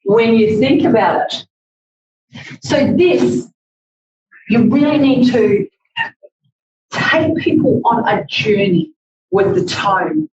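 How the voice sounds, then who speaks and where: A woman teaching public speaking in a workshop, speaking in a slow, deliberate, demonstrative way. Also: a little high, lively intonation, a little mellow, a little hiss or hum. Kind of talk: workshop presentation. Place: library meeting room. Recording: echoey, distant, dull audio.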